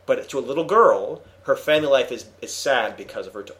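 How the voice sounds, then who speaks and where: A man hosting a casual comics discussion, retelling a story with animated enthusiasm and many restarts. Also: medium pitch, a little fast, few pauses, a little hiss or hum. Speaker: podcast host reviewing comics. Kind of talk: casual chat.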